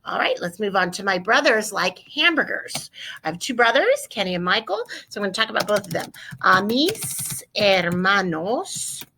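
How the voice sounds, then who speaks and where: A woman walks her students through a Spanish grammar lesson recorded at her computer. Her voice is bright and forward, and she keeps an upbeat coaching tone, often putting questions to the class. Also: medium pitch, very animated, moderate pace, breathy edge. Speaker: Spanish teacher. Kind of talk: recorded screen-share lesson.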